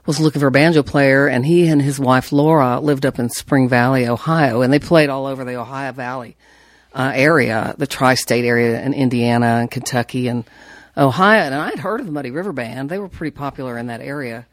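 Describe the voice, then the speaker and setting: Interview guest: low-pitched woman, chatty and animated, dry close sound. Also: a little fast, no echo. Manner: animated, laughing, rambling with restarts. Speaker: banjo player, interview guest. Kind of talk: casual storytelling.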